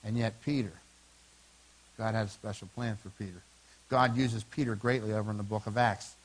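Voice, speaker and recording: A man pastor preaching a sermon, telling a story with lively acted-out dialogue and frequent restarts. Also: lowish voice, normal speed.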